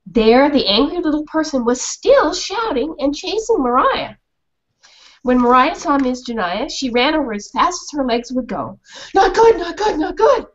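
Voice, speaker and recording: Animated woman author on a video call. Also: sits high, moderate pace, muffled recording. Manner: animated, questioning the children. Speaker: children's author. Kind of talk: storytelling and class discussion.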